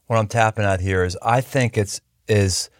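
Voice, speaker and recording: Low voiced podcast host guy, chatty, jokey, dead dry sound. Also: fairly even intonation, moderate pace, no room sound. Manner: conversational, joking. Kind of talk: podcast interview conversation.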